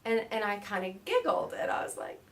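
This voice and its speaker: Animated American woman telling travel stories. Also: mid-range voice, fairly quick, gravelly, recorded from a distance. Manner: animated storyteller, laughs often, mimics voices in quotes. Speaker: interview guest. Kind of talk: casual storytelling in an interview.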